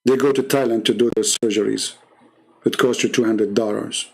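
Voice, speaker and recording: A man's voice: on the low side, steady tone, moderate pace, gravelly, husky. A man hosting a live debate stream, delivering a heated, scornful monologue full of mocking rhetorical questions.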